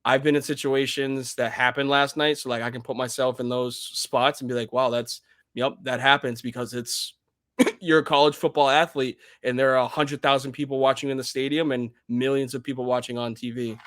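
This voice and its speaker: A young man talking college football on a home podcast, his voice bright and forceful. He rambles and restarts mid-thought, with sudden excited outbursts. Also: mid-range voice, a little fast. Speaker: podcast co-host. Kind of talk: casual sports chat. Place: home room.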